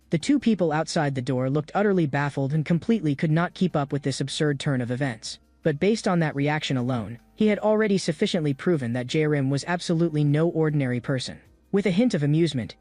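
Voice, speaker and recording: A man narrating a comic story recap in an even, polished storytelling manner. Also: on the high side, no echo. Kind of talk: scripted narration.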